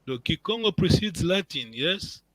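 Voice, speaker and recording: A man leads a language lesson in a bright, slightly high voice, recorded dry and close. He is patient and encouraging, repeating each word and checking in with his students as he goes. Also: expressive, moderate pace, no room sound, rough recording. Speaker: language teacher. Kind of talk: online language class.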